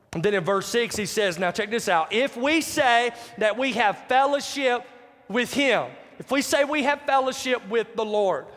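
Man preaching, very high voice, emphatic, long reverb, sermon. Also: a bit bright. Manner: emphatic, repeats key phrases, asks the congregation questions.

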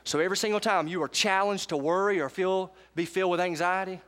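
High-voiced pastor preaching. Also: male voice, steady tone, quick pace, fairly bright tone. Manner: emphatic, calls out to congregation for responses. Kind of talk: sermon. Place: church sanctuary with live congregation.

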